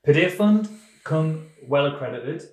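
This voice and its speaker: Overconfident comedy host. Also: male voice, fairly high pitch, measured pace, roomy sound, far from the mic. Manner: overconfident, deadpan, evasive. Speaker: podcast host. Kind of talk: comedic podcast banter.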